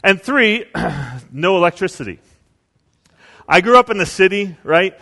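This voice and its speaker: A male pastor preaching a sermon, telling stories and acting out quotes with big swings in pitch and volume. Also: sing-song, unhurried, pushed and bright, long reverb tail.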